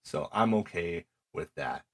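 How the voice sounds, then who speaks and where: Casually recapping matches on the podcast he co-hosts, this middle-aged man speaks low at a measured pace. He's lively in the telling, acting out the wrestlers' quoted lines.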